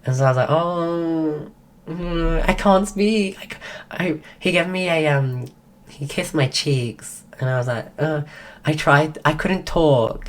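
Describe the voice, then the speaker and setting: On a stream, a woman with a strikingly deep voice tells a long, rambling story full of "like" and false starts. She is sick, and her voice is giving out as she storytells casually.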